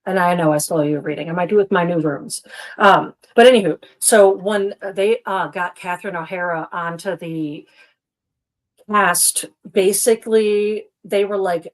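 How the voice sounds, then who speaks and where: A woman's voice: fairly low pitch, normal speed. Chatty, rambling woman co-host. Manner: chatty and rambling, full of "like" and restarts; animated, laughs at herself. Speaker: co-host of a chat show. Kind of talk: casual chat.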